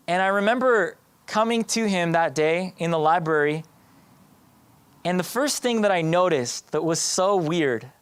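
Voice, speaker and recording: A man's voice: high voice, fairly bright tone, clean tone. A man giving a personal testimony in church, talking conversationally with the audience and often restarting his sentences. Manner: conversational, addresses the audience directly; hesitant restarts with fillers.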